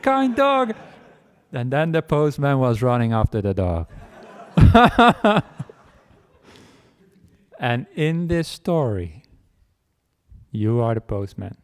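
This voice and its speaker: A man's voice: mid-range voice, a little mellow, smooth. A man, a Buddhist monk, giving a humorous dharma talk, telling a made-up story in a playful, self-mocking way. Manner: playful, self-mocking, acts out barking and chases.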